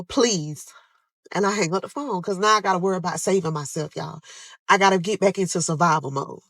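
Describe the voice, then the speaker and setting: A young woman with a medium-pitched voice tells viewers an emotional true story, recorded without echo. She's dramatic, calls her audience "y'all," and loudly acts out her own pleas and cries as she goes.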